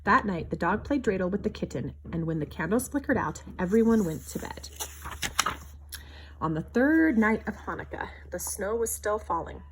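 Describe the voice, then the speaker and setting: A woman reading a children's picture book aloud in an expressive, sing-song way. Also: mid-range voice, moderate pace, slight background noise. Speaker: children's story reader. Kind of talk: storybook read-aloud.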